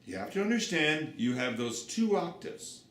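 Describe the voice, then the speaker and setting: A man giving a singing lesson, explaining technique in a lively way and breaking into short sung and shouted examples. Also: a little high, moderate pace. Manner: lively, explanatory, demonstrates sounds with his voice. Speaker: singing teacher. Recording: roomy sound with faint background noise.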